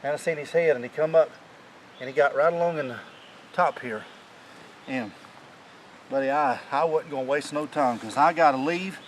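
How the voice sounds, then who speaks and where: Excited rambling hunter, high voice. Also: male voice, moderate pace, pauses often, a little hiss or hum, low-quality recording. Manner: excited, rambling storyteller with many restarts. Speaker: hunting channel host. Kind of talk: casual chat after a hunt. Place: outdoors in the mountain woods.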